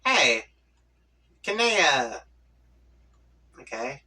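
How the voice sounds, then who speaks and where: A man reads a webcomic aloud for his channel in an unhurried, playful way, slipping into voices for the characters' chat lines. His tone is bright and forceful. He sits a little back from the mic. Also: mid-range voice, expressive, recorded from a distance, rough recording. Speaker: comic reading channel host. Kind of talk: reading a webcomic aloud with reactions.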